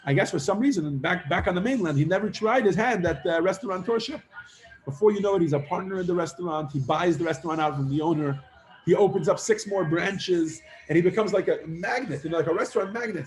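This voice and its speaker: High-voiced man telling a lively story. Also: quick pace. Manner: animated storyteller, acts out characters with many fillers. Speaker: teacher. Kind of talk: storytelling lesson to students. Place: classroom.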